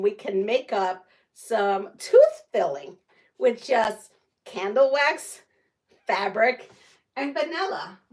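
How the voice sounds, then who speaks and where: A woman hosting a casual live quilting stream from her quilting room, chatting with viewers and laughing often. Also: medium pitch. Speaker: quilting channel host. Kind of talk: casual live-stream chat while sewing.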